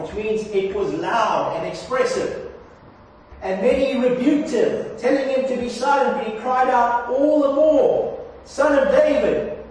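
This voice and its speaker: A man preaching a sermon, who rises to loud, impassioned cries when quoting scripture. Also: sits high, slight background noise. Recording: distant mic in an echoey hall.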